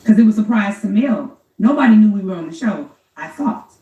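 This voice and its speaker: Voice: mid-range voice, expressive, fairly quick, warm tone, echoey room, distant mic, rough recording. A co-host in a casual chat, animatedly recounting events and commenting on them.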